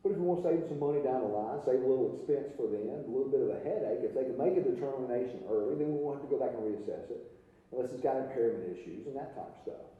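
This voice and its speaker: A man's voice: mid-range voice, lively intonation, quick pace. A man presenting an accounting seminar in a conversational, folksy manner, often asking rhetorical questions. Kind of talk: continuing education lecture. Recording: roomy hall from far off, dull.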